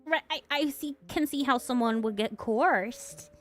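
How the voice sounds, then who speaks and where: A woman's voice: high voice, a little slow, faint music behind. A woman streamer in casual chat, blunt and teasing, full of "like" and "right". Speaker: VTuber streamer.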